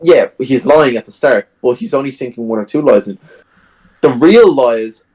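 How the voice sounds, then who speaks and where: A man's voice: mid-range voice, moderate pace, slightly rough, low-quality recording. A man co-hosting a podcast, retelling a film's plot in casual chat and acting out its scenes. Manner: animated retelling, acts out scenes. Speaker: podcast co-host. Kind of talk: casual film discussion.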